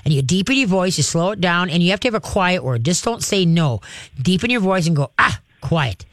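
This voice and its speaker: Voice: medium pitch, lively intonation, fairly quick, dry recording. Direct dog trainer hosting a call-in show. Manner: direct, practical and coaching, acts out commands to dogs. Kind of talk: call-in advice.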